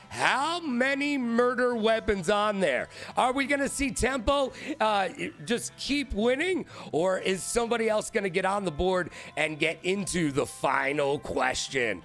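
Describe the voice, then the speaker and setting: A man hosting a live-streamed trivia show, hyped and playful, shouting out viewers by name. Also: sits high, lively intonation, moderate pace, hardly any pauses, faint music behind.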